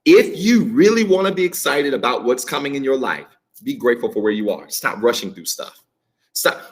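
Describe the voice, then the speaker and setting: Emphatic pastor preaching online. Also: male voice, mid-range voice, big pitch swings, moderate pace. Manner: emphatic, repetitive, addresses online viewers directly. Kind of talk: sermon. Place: church livestream.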